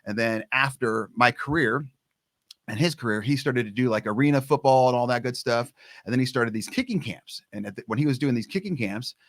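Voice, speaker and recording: A man's voice: mid-range voice, a little fast, dry recording. A middle-aged man telling his story with plenty of animation, his voice jumping around as he acts out the conversations. The sound is close and dry, with no room around it. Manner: lively storyteller who acts out quoted dialogue. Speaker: guest, long snapping coach. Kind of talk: casual storytelling interview.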